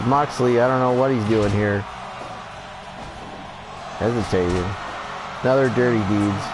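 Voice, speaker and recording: A man giving excitable, profane play-by-play commentary on a wrestling video game as he plays, laughing often. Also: medium pitch, a little slow, pauses often, poor audio. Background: game music.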